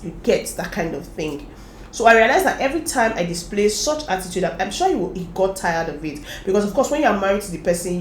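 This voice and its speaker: A woman's voice: on the low side, a little hiss or hum. Chatty woman vlogging in an echoey room. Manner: chatty, advising viewers directly, animated laughter. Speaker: lifestyle vlogger. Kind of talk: casual talk to camera.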